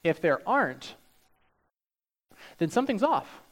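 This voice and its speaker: A man preaching a sermon, acting out hyped quotes and then dropping low and soft for the serious points. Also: very animated, unhurried. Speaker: pastor.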